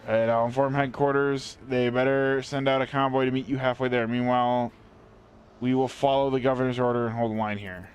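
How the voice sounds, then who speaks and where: A weary, dutiful sergeant read aloud by a man delivers a formal report to a superior. His voice is smooth and resonant, at a middle pitch. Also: level tone, brisk, dull audio, lightly acted. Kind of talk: reading game dialogue aloud.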